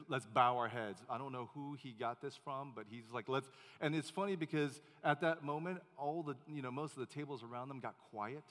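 A man preaching as a pastor, telling a story in a relaxed, chatty way with many fillers and restarts. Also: mid-range voice. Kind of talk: sermon storytelling. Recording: long hall reverb.

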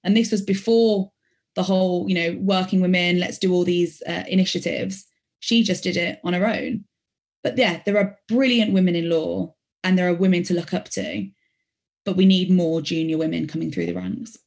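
A late-twenties barrister from Birmingham, England, with a faint local accent, answers podcast interview questions earnestly and reflectively, sometimes correcting herself mid-sentence. Her voice is lowish, creaky, and a little mellow, at a normal speed.

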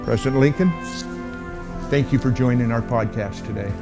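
A man hosting a podcast, formal and measured in his questions. A faint bed of music runs under his voice. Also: medium pitch. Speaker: podcast host, interviewer. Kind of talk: scripted interview.

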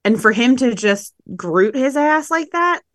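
A woman co-hosting a podcast, talking excitably in casual chat, laughing often and swearing freely. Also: high-pitched, a little slow, dry recording, studio quality. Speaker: podcast co-host.

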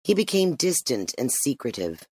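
A man narrating an audiobook in steady, measured storytelling. His voice sits in a middle pitch, and the recording is close and dry with no room sound. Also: breathy edge, no echo.

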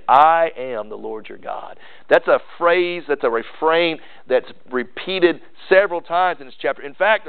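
A male pastor with a smooth, medium-pitched voice delivers an earnest sermon, often restarting and repeating words. It sounds tinny, like a phone recording.

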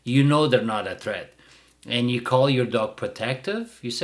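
A man's voice: mid-range voice, normal speed. A middle-aged man who hosts a dog-training show and delivers a blunt, mocking casual rant. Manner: blunt, mocking, bursts of laughter.

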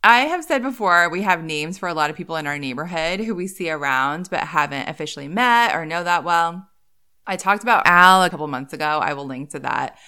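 A woman's voice: lowish voice, lively intonation, brisk, pushed and bright, smooth. A woman hosting her own podcast, telling chatty stories in a casual monologue and laughing often. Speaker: podcast host.

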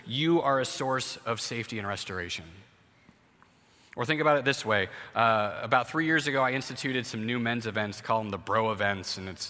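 A male pastor delivers a conversational sermon, sketching everyday scenes to make his points. His voice is bright and forceful. It rings out with a long reverb from a church hall. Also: mid-range voice.

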